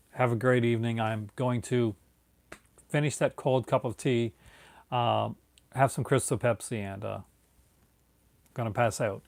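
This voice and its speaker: A man's voice: medium pitch, moderate pace, creaky, a little mellow, no room sound. A tired man hosting his own video, chatting casually and rambling with many fillers and restarts. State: tired, yawning. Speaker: video host. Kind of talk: casual late-night video chat.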